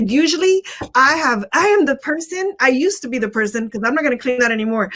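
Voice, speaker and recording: A woman's voice: on the high side, a bit bright. Emphatic woman giving motivational talk. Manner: emphatic, repeats key phrases. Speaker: motivational live-stream host.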